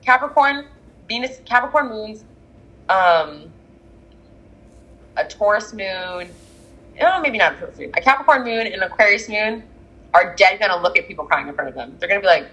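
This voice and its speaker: A woman's voice: mid-range voice, animated, moderate pace, long pauses, pushed and bright, husky, poor audio. A woman in casual chat, talking animatedly and acting out the people she quotes. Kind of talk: casual chat about astrology.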